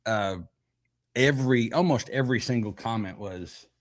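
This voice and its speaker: A man co-hosting a podcast in casual chat, talking haltingly with frequent restarts. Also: medium pitch. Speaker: podcast co-host. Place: live podcast recording.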